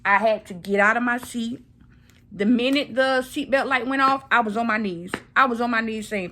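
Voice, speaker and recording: A woman's voice: fairly high pitch, moderate pace, sharp tone, slight background noise. A woman in her thirties talking casually to camera, recovering from surgery and repeating phrases for emphasis. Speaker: vlogger.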